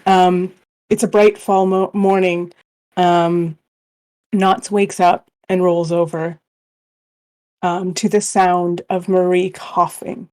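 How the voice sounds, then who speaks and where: A woman's voice: on the low side, level tone, takes it slowly, a little mellow. A woman playing a tabletop game, narrating a scene in a hesitant way with many fillers. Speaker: player.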